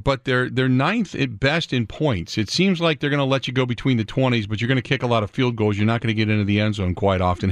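A man's voice: medium pitch, no room sound, clean studio sound. A man hosting sports radio, asking long conversational questions backed with statistics. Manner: conversational, asks long set-up questions with stats.

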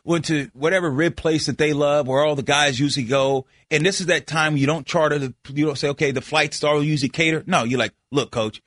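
A man's voice: fairly high pitch, fairly even intonation, a little fast, few pauses, fairly bright tone, no room sound, clean studio sound. A middle-aged man, a former basketball player, arguing a point in loose sports-talk banter, emphatic and repeating himself with frequent restarts.

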